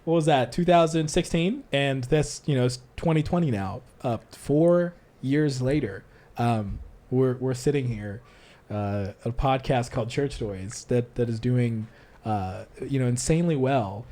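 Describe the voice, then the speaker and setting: A man's voice: mid-range voice, measured pace, few pauses. Male podcast host, casual and rambling, full of restarts. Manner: rambling, many restarts, animated impressions. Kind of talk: casual chat. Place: church.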